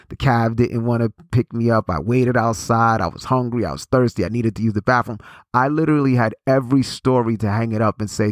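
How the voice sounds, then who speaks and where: The recording is dry and studio-clean: a man in his forties delivers a motivational talk at a slightly fast pace, his mid-range voice fairly even in intonation. He sounds preachy, circling back to repeated phrases and restarting what he's saying.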